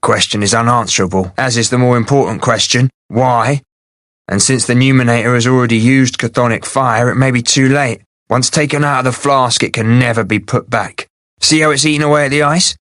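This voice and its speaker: A man's voice: mid-range voice, fairly even intonation, brisk, fairly bright tone, no echo, studio quality, natural voice. A man voicing a stern, powerful captive mage who speaks tersely. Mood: grim. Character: powerful captive male mancer, stern and sharp.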